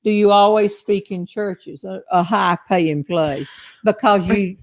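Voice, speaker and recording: A woman hosting a casual chat, asking questions in a relaxed, conversational way. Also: mid-range voice, measured pace. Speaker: host humorist.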